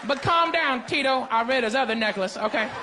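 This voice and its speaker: A man performs a brash, profane stand-up set, firing off punchlines in a strikingly high voice. The room is a big hall with long reverb, and a loud audience laughs throughout. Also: a little fast, heavy background noise. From Arkansas, US. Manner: brash, profane, punchy delivery with crowd work. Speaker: stand-up comedian. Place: large comedy venue with live audience.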